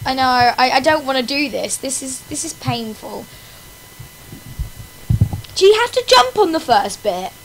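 Woman, high voice, slow drawn-out delivery, gameplay commentary, melodramatic self-mocking complaints. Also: big pitch swings, a little hiss or hum, rough recording. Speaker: gaming channel host.

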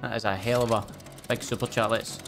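A man's voice: lowish voice, level tone, fairly quick, vocal fry, music in the background. A young man hosting a casual gameplay livestream, chatty, swearing freely and thanking viewers. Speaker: streamer and host.

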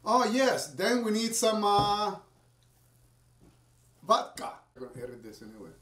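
His voice sits high with big pitch swings and a fairly bright tone, moving a little slowly. The man, a home cocktail maker, rambles casually to viewers as he makes a drink for a cooking vlog, with roomy sound from far off the mic.

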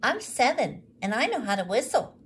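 A woman voicing an eager seven-year-old boy in a read-aloud story, high and pleading. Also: big pitch swings, moderate pace, a little hiss or hum. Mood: proud.

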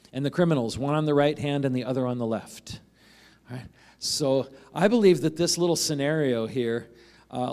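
A male pastor delivering a sermon in a relaxed, conversational tone. His voice sits at a middle pitch. He checks in with the congregation with a quick "right?" and briefly acts out the people he quotes.

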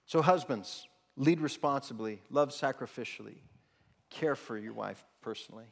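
A man preaching a sermon to his congregation. He asks rhetorical questions, has them repeat lines back, and jumps his pitch when voicing quoted people. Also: fairly quick. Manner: acts out quoted voices with sudden jumps in pitch. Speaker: pastor. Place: church hall. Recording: long reverb of a church hall.

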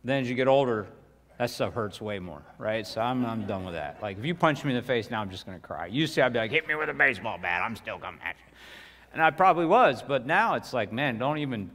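A man's voice: mid-range voice, lively intonation, quick pace, a bit bright. A middle-aged male pastor preaching a sermon in a casual, folksy way, full of asides and repeated words. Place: church sanctuary. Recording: reverberant church hall.

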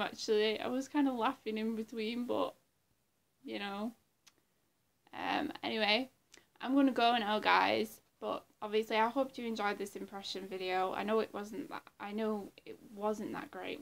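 A woman's voice: medium pitch, gravelly, fairly bright tone. A woman vlogger chatting casually to her viewers, rambling and giggly and trailing off into murmurs, with a throat infection. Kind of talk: casual vlog chat.

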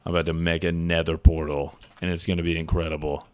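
A young man livestreams a game, joking, swearing freely, and answering his viewers' messages out loud in casual chat. His low voice is flat and quick, with a little hiss or hum on the audio.

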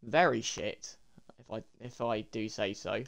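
A young man, commentating his game pack openings in an excitable way and talking to viewers as lads and boys. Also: fairly low pitch, measured pace, gravelly. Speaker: gaming YouTuber.

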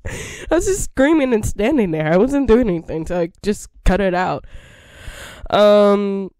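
A woman's voice: mid-range voice, animated, measured pace, mellow, no echo, clean studio sound. A woman gaming creator chatting casually to her viewers, rambling, giggly and repeating herself.

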